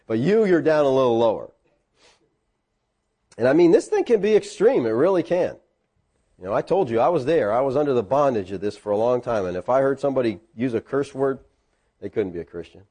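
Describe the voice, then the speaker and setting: A man's voice: quick pace, husky. A man preaching a conversational sermon, teaching a class and putting questions to them. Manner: animated, swings between high and low pitch. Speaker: pastor.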